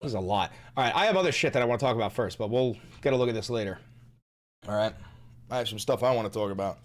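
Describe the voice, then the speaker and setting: A man hosting a live stream, ranting about politics with heavy swearing and sudden shouts. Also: lowish voice, racing. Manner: profane, ranting, bursts into shouting. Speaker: livestream host.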